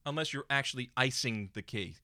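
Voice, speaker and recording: A man's voice: mid-range voice, brisk, pushed and bright, no room sound, studio quality. A man co-hosting a casual chat show, joking around with a playful back-and-forth. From United States. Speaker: podcast co-host.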